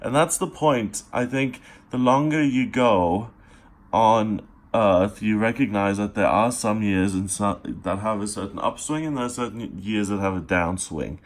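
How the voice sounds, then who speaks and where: Earnest, encouraging male tarot reader. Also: lowish voice. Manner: earnest, encouraging, speaks straight to the listener; unhurried, with pauses and fillers. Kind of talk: daily tarot reading monologue.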